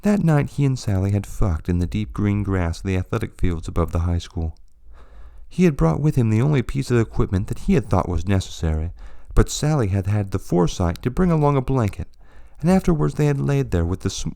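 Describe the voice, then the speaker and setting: A man reading his own short story aloud as narration, measured and expressive. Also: on the low side, creaky, smooth. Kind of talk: scripted narration.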